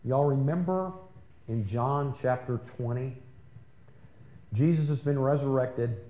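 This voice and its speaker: A man's voice: medium pitch, slow pace, dark tone, muffled recording. A man preaching a sermon in a conversational way, often asking the congregation questions. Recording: echoey room with faint ambience.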